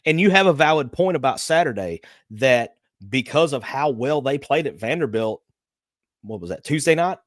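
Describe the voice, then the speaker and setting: A man co-hosting a sports talk show, calmly laying out seedings and game details. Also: medium pitch, moderate pace, no echo, studio quality. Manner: steady, explains stats and seeding. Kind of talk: sports analysis chat.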